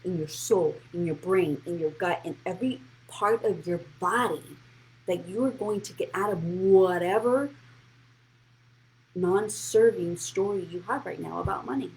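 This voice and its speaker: A woman money coach talking straight to her live audience with a low, gravelly voice. She is blunt and encouraging and reacts to viewer comments as they come in. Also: normal speed, a little mellow, poor audio. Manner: direct, blunt and encouraging, addresses viewers by name; reads and answers live comments. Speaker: financial coach and show host. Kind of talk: live-streamed motivational money talk.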